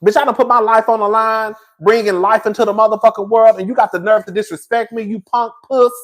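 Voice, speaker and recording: A man's voice: high-pitched, fairly even intonation, quick pace. A man hosting a livestream of gossip commentary, talking in sassy, profane, hollering rants straight to his viewers. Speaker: YouTube commentator.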